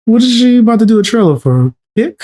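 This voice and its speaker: A man's voice: high-pitched, big pitch swings, quick pace, warm tone. A man reacting casually on a video, loose and slangy, rambling through his points.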